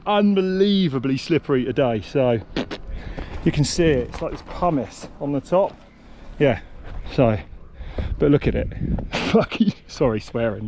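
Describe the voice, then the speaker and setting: A man hosting a casual walkthrough of a race course, excitable and blunt, swearing and exclaiming as he goes. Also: a little high, slight background noise. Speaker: host walking a race course. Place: outdoors on a mountain bike course.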